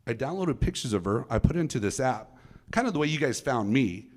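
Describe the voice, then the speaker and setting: A man's voice: medium pitch, expressive, a little fast, lightly acted. A man quoting a young male suspect. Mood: matter-of-fact. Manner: pleading, then chatty and unsettling. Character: young male suspect, tearful then eerily eager.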